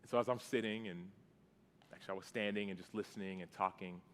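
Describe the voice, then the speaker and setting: A man's voice: lowish voice, steady tone, quick pace, a bit bright, big-room sound. A man in his thirties telling a personal story in a sermon, casual and conversational, with fillers and restarts. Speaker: guest preacher. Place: church sanctuary.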